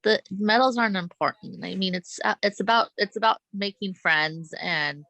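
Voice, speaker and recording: Gravelly, bright-toned woman guest. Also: medium pitch, dry recording, low-quality recording. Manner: earnest, halting, with many restarts. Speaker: guest, Special Olympics athlete. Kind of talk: conversational interview storytelling.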